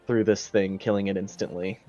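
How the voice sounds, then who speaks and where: A man's voice: deep voice, flat delivery, fairly quick, warm tone, highs cut off, faint music behind. A man running a tabletop game as dungeon master, narrating the action with laughs.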